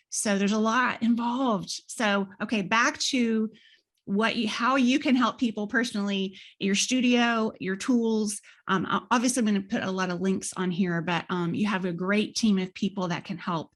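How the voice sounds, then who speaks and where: A woman hosting a faith podcast, chatting casually, rambling with fillers and restarts. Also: medium pitch. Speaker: podcast host. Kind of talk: casual interview chat.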